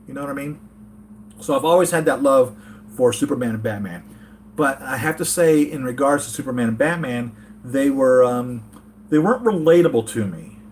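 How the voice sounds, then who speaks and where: A man's voice: medium pitch, expressive, normal speed, darkish tone, slight background noise. A man from the United States hosting a casual live-chat vlog from his home, rambling earnestly and reading chat comments aloud. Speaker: toy collector channel host.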